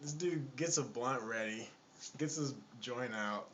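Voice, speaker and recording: A man recounting a story in an offhand, chatty way. He sounds exasperated and often repeats words as he goes, with a voice of middling pitch. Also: unhurried, fairly bright tone, slight background noise. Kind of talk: casual anecdote.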